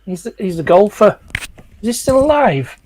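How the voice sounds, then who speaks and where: A middle-aged man chatting as a guest in a casual online hangout, with a voice a touch higher than most men's. He jokes dryly and pokes fun at himself. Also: sing-song, normal speed, a little mellow, slight background noise. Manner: dry, self-mocking humor. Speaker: chat guest. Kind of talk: casual chat.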